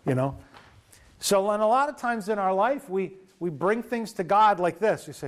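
A man preaching an informal sermon at an evening fellowship, retelling a story in a lively, conversational way. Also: high voice, moderate pace. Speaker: pastor.

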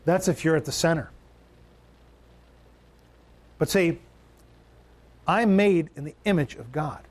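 A male pastor with a strikingly high voice preaches a sermon, speaking with emphasis and repeating his main lines. His pitch climbs and falls to hammer each point home, and his delivery is lively in intonation and unhurried.

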